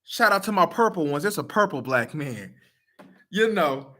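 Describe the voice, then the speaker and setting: A man talks straight to his audience, blunt and profane. His voice is bright and lively, with pitch that swings widely as he presses each point. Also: normal speed. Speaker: video commenter. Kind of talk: casual talk to camera.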